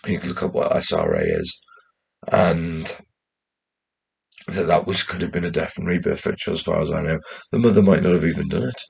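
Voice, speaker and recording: Very deep gravelly rambling English man. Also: lively intonation, a little fast, a little mellow. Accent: mixed West Midlands, Geordie and posh English. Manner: rambling, sweary, anxious. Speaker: channel host. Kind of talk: casual vlog monologue.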